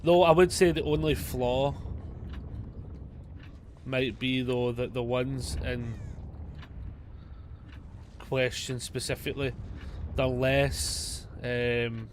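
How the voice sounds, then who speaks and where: This Scottish man streams games live, talking casually in a mid-range voice with fairly even intonation over slight background noise. Chatty and heavy on swearing, he's quick to poke fun at his own errors.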